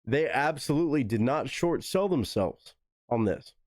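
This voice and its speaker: A man's voice: medium pitch, expressive, normal speed, darkish tone, no room sound, clean studio sound. A man hosting a live stream, giving enthusiastic, profanity-laced commentary on a song and talking to viewers in chat. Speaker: live stream host reacting to music. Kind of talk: casual reaction commentary.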